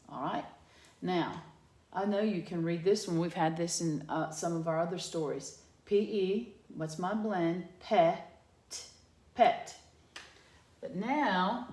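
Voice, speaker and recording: A woman teacher giving a patient phonics lesson to young children from her home garage, sounding out letters slowly. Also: fairly low pitch, darkish tone, echoey room.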